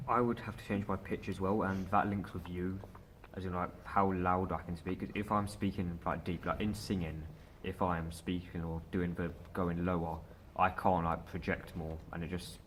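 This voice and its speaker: A man drama student with a deep voice who has trouble saying R's, talking earnestly in a group. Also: steady tone, normal speed, slight background noise, low-quality recording.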